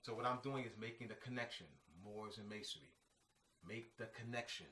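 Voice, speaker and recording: A man's voice: on the low side, fairly even intonation, a little fast, bright, forceful tone. A man giving an informal lecture, emphatic and repetitive, full of slang asides like "man" and "you know what I mean". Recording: echoey room, mic at a distance.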